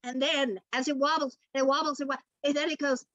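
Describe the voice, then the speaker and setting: Woman, author panelist, comic storytelling, animated, bright tense voice, dry close sound. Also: high voice, fast talker, dry recording, highs cut off. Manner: animated storyteller who acts out other people's voices. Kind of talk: comic personal anecdote.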